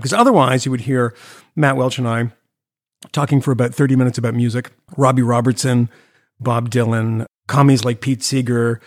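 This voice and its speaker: Podcast co-host, male, gravelly and sarcastic, dry close sound. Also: medium pitch, dry recording. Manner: sarcastic, mocking, animated rants. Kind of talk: casual chat.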